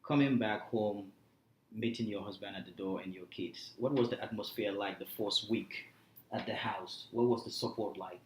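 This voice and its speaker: Podcast host guy, lowish voice, calm questions, echoey room w/ faint hiss. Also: normal speed. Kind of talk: interview questions.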